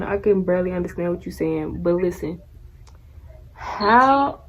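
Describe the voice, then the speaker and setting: A woman's voice: medium pitch, darkish tone, muffled recording. A young woman vlogging casually, telling a story in a blunt, sassy way and laughing often.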